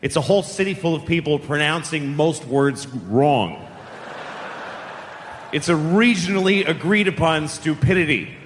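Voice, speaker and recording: A man in his fifties from Boston doing stand-up, deadpan storytelling with mocking voices. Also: a little high, unhurried, long reverb tail. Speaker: stand-up comedian. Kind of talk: stand-up routine and casual chat.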